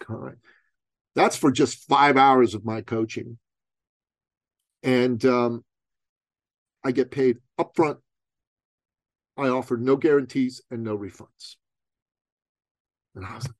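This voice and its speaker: A man's voice: mid-range voice, measured pace, pauses often, dry recording. Middle-aged guy from iran telling his story, punchy, lots of questions at you, dry close sound. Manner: emphatic, punchy rhetorical questions. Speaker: guest entrepreneur and coach. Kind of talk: personal storytelling in an interview.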